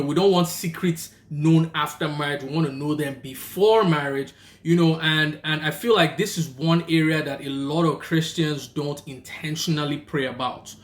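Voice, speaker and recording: A young Nigerian man with a Nigerian accent, telling a personal story and giving faith-based marriage advice in a lively, casual way. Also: fairly high pitch, reverberant. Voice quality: animated, acts out the people in his story. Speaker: vlogger and rideshare driver.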